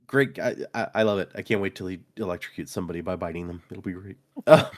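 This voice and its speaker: A man with a lowish voice talks through a book recap in a relaxed, chatty way. He slips into quick put-on voices for the characters and laughs between lines. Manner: animated retelling, acts out quotes, frequent laughs. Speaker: podcast co-host recapping a book. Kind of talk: casual chat.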